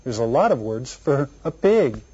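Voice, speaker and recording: A man teaching an elementary Spanish lesson to children, repeating each word slowly and quizzing the listener. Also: mid-range voice, big pitch swings, warm tone, breathy edge. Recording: dull lo-fi recording.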